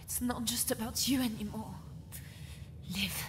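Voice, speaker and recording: A woman's voice: on the high side, steady tone, unhurried, background noise, natural voice. An actress voicing a grieving young woman in a video game, pleading and tearful, often whispering. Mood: desperate. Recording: game audio with loud music.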